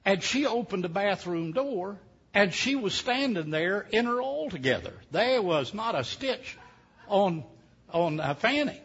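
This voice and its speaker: A man's voice: high voice, very animated, measured pace, a bit bright, breathy edge. A man preaching a sermon, telling a folksy, humorous story with many hesitations. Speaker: pastor. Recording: dull lo-fi sound.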